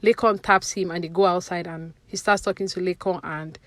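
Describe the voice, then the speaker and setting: A woman's voice: lowish voice, steady tone, brisk, no room sound. Chatty woman recapping reality TV. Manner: chatty, opinionated, many fillers like "you know". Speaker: reality TV commentary vlogger. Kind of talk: casual recap commentary.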